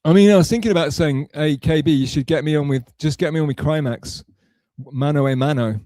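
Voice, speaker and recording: This man hosts a live stream, casually rambling through replies to the messages he reads aloud from chat. He talks fairly quickly in a warm voice on the high side, and the recording is dry.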